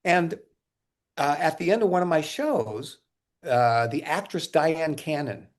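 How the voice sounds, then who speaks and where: A man being interviewed, telling casual stories in an animated way, acting out quotes and often laughing. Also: on the high side, unhurried. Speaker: interview guest, musician.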